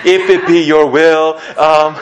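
A pastor voicing a showy, long-winded man who prays in slow, overly formal phrases. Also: on the high side, flat delivery, pitched above the performer's own voice, poor audio. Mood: pompous. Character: pompous long-winded man praying flowery prayers.

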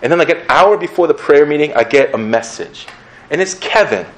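A male pastor giving a sermon in a conversational, earnest way, with an animated delivery. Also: on the high side, a little fast, low-quality recording.

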